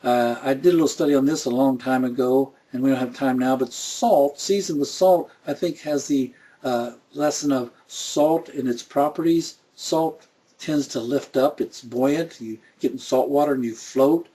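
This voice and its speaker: A man's voice: mid-range voice, unhurried, mellow, breathy edge. A middle-aged man teaching a Bible study in a folksy way, full of rhetorical questions.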